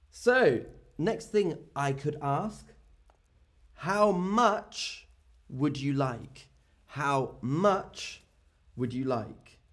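A man teaching a classroom language lesson, drilling short phrases over and over and calling on students. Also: on the high side. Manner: very slow, repetitive, lively and exaggerated intonation. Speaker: English teacher.

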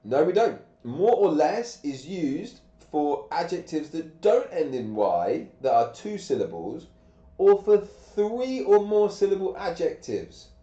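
A man's voice: a little high, big pitch swings, takes it slowly, dark tone. A man, sick and coughing, teaching grammar on a live stream with patient step-by-step questions. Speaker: English teacher. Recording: echoey, dull lo-fi room sound.

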